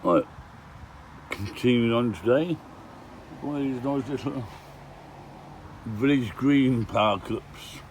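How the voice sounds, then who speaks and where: A man's voice: medium pitch, slow pace, long pauses, a little hiss or hum. An older man chatting casually through a travel vlog, with grumbling asides tagged "eh?", filmed on a handheld camera outdoors and from his van. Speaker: van life vlogger. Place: outdoors and in a van, touring villages.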